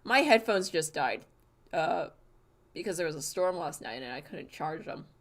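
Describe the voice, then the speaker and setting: A woman's voice: low voice, lively intonation, normal speed. A woman streaming late at night, tired and rambling. She talks in loose, casual chat with crude slang and trails off often. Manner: rambling, many fillers and restarts, crude slang. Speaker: livestreamer.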